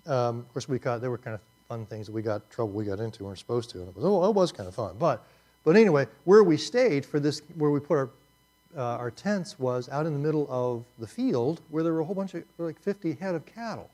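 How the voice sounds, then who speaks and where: A man's voice: mid-range voice, expressive, fast talker, a little mellow. Conversational man preaching on Job. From Indianapolis, US. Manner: conversational, asks the audience questions, frequent restarts. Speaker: pastor teaching a Bible study. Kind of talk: sermon with storytelling.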